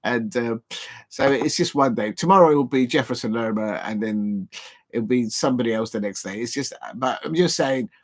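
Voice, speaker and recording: A man's voice: mid-range voice, moderate pace. Chatty male football streamer, rambling. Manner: rambling, many ums and restarts, chatty asides to viewers. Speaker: football live stream host. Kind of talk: casual live-stream football chat. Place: home, seated at a table.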